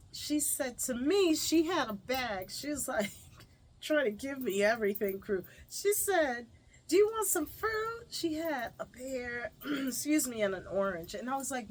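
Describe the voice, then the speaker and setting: A woman vlogger chatting through a casual story, animated and full of fillers. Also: fairly high pitch.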